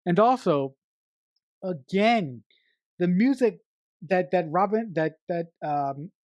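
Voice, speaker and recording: Movie podcast co-host, mid pitch, dry close sound, rambling trivia-sharer who bursts into quoted lines. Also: expressive, takes it slowly, darkish tone, no echo. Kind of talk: casual film review chat.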